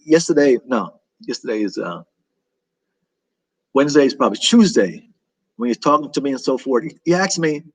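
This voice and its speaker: A man's voice: mid-range voice, breathy edge, poor audio. A tired man from the United States, recovering from illness, chatting casually on a livestream in a rambling, repetitive way. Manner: rambling and repetitive, with many restarts and fillers. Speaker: travel vlogger hosting a livestream.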